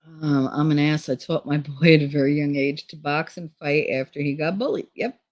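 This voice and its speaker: A woman's voice: deep voice, normal speed, dry recording. A middle-aged woman from Hoboken, telling stories in blunt, profane casual chat on her channel. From Hoboken, New Jersey. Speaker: channel host.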